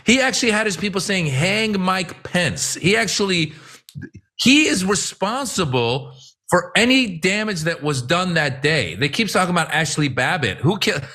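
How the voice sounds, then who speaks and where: A man's voice: high voice, sing-song, moderate pace, sharp tone. A man co-hosting a political talk show, speaking emphatically and with exasperation, often acting out quotes. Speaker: co-host. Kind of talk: political commentary chat.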